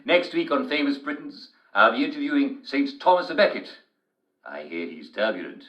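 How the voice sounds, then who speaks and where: A man's voice: mid-range voice, big pitch swings, normal speed, fairly bright tone, roomy sound, dull audio. An actor playing a jovial, smarmy TV talk show host with slick, chuckling showman patter. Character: smarmy, jovial English TV host, middle-aged man. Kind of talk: video game character acting.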